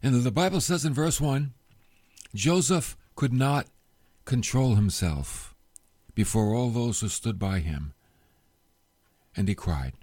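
A man preaching a sermon, retelling a story with expressive, emotional delivery that drops soft at moving points. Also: medium pitch, slightly rough, no echo, clean studio sound. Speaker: pastor.

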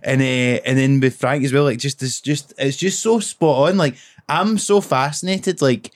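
A man's voice: medium pitch, moderate pace. A man with a Glasgow accent co-hosting a podcast, chatty and swearing freely as he asks questions. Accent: Glaswegian Scottish. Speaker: podcast co-host. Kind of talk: casual chat, asking questions.

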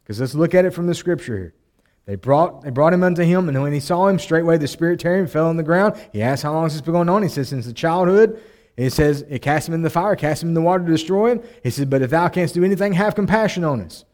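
A male pastor preaching a sermon, repeating his phrases and climbing to loud, emotional appeals. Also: fairly high pitch, expressive, fast. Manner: preaching, voice rising to near-shouting in emotional appeals.

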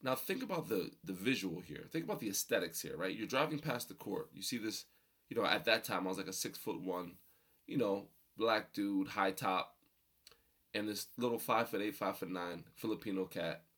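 A young man telling personal stories to an audience, animated and humorous, building to emphatic points. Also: lowish voice, normal speed, slightly rough. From New Jersey. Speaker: motivational storyteller. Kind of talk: storytelling talk to an audience.

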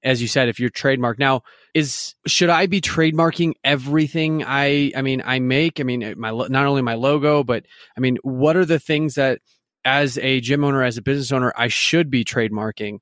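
A man, a gym owner hosting a podcast, asking questions in a hesitant, halting way. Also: medium pitch, a bit bright, no room sound, clean studio sound. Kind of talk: casual podcast interview.

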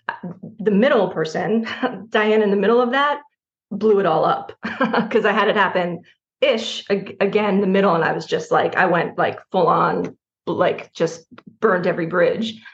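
Brief: middle-aged woman writer from New Jersey, candid and animated, often laughing, gravelly voice, slightly muffled mic. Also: mid-range voice. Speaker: writer guest. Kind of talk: candid interview conversation.

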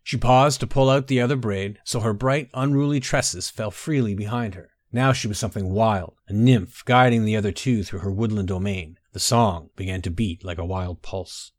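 Male narrator, low voice, close dry recording, measured audiobook reading. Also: no echo. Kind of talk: scripted narration.

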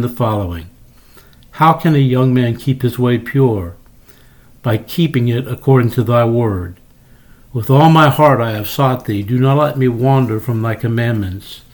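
A man preaching a sermon, reading scripture in a measured, reverent way. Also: medium pitch, a little mellow.

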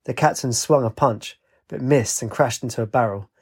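This audiobook narrator is a man with a medium-pitched voice that has a breathy edge, speaking at a normal speed. He tells the story with liveliness and voices the characters' dialogue distinctly.

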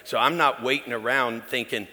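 A middle-aged pastor who preaches in a chatty, candid way and questions his congregation directly. His voice is bright and crisp, carried on the long reverb of a large church hall. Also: mid-range voice, steady tone, normal speed. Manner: conversational, candid storytelling with the congregation. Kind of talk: sermon.

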